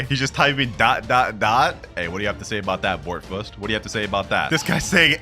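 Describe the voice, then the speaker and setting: Excitable, bright-voiced male gamer. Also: medium pitch, fast talker, few pauses, faint music behind. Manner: excitable, slangy, laughs often. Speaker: gaming YouTuber. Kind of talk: gameplay commentary.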